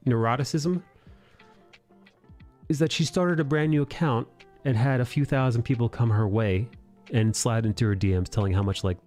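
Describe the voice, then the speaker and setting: A man's voice: mid-range voice, a little mellow. A man hosting a live art stream, ranting casually, swearing freely and acting out mocking quotes. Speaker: livestream host drawing and chatting.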